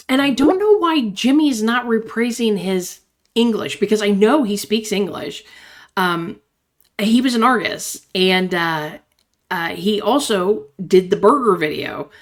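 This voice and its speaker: A woman at a mid pitch plays through a text-based game and reads its messages out loud. She breaks in with chatty asides and often laughs. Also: lively intonation, measured pace, long pauses. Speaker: gaming channel host. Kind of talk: reading game chats aloud with commentary.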